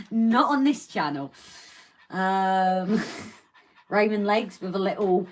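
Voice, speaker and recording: A woman's voice: mid-range voice, very slow, rough recording. A woman co-hosting a casual live stream, reading out viewer comments and greeting them as darling and lovely.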